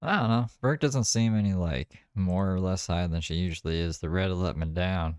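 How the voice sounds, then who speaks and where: A man's voice: deep voice, normal speed, noisy background. A man giving casual, wry commentary on videos, musing aloud and talking to his viewers.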